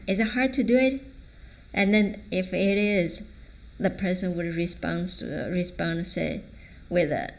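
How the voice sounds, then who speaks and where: A woman's voice: lowish voice, measured pace. A woman teacher with a Chinese accent, a native Chinese speaker, explaining phrases and acting out their intonation in a language lesson. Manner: demonstrates phrases with varied intonation.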